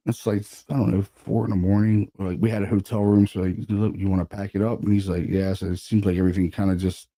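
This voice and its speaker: A man, a paranormal investigator, casually telling a story about an investigation, animated and sprinkled with swearing and fillers. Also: on the low side, fast, few pauses.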